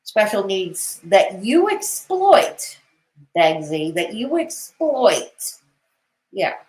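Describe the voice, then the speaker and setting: A woman's voice: medium pitch, big pitch swings, very slow, a little mellow, echoey room, rough recording. A woman commentating on a live stream, with sarcastic, mocking and cutting remarks.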